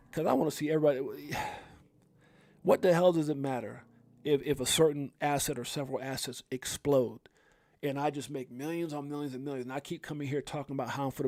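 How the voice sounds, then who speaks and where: A man's voice: mid-range voice, normal speed, a little mellow, no room sound, studio quality. A middle-aged man hosting a livestream, talking to his viewers in a heartfelt, rambling way that keeps repeating itself. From California. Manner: rambling, emotional, repeats himself. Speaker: crypto livestream host.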